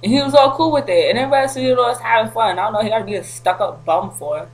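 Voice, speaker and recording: A woman vlogging to camera, telling a story in an animated, slangy way with frequent laughter. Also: fairly high pitch, racing, low-quality recording.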